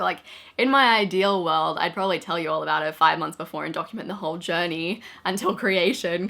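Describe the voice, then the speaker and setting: A young woman in her twenties rambles happily to her viewers in a casual vlog. Her voice is bright and forward, set slightly low, and she keeps tumbling from one thought to the next with plenty of "like"s. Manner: excited, chatty, rambling with many "like"s. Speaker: vlogger. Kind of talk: casual talk to camera.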